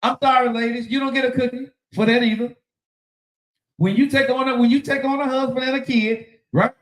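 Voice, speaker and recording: A man's voice: extremely high pitch, steady tone, fairly quick, roomy sound, low-quality recording. A man hosting a casual relationship talk show, preaching in an emphatic, slangy way. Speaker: podcast host.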